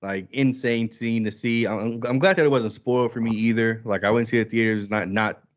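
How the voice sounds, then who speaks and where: A man co-hosting a podcast in casual chat, animated and quick to act out quoted lines. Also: lowish voice, highs cut off. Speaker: podcast co-host.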